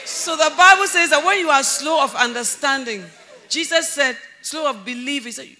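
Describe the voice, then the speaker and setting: A woman pastor preaching a sermon, animated and often laughing, shouting for emphasis and then dropping to low, earnest tones. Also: normal speed, slight background noise.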